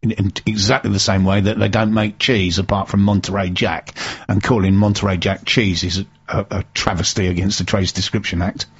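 A man's voice: sits low, level tone, a little fast, slightly rough, dull audio. A man hosting a local business radio show, joking casually and stumbling over his words. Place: radio studio.

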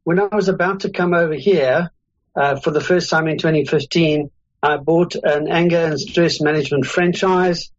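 A middle-aged South African man talks as a guest in an easygoing, rambling way. His voice sits a little high for a man, and the audio is dull and lo-fi. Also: steady tone, moderate pace. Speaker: guest, consultant. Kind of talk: casual interview chat.

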